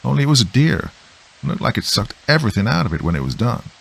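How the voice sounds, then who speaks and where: Jumpy, blunt young guy in an audio horror story, pitched up high, played by a man narrator. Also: sing-song, fast, creaky, fairly bright tone, slightly rough, heavily acted. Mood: anxious.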